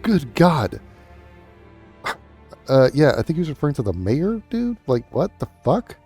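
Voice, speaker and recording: A man's voice: fairly high pitch, very animated, unhurried, darkish tone, slightly rough, soft background music. Scornful, swearing man ranting. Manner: sarcastic, scornful, swears a lot. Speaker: commentary YouTuber. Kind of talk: profane reaction commentary.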